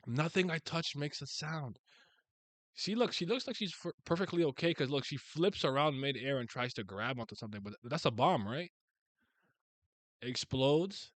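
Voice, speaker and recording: A man giving a casual live reaction while reading manga, animated and slangy, laughing often and thinking aloud. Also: on the high side, normal speed, dry recording.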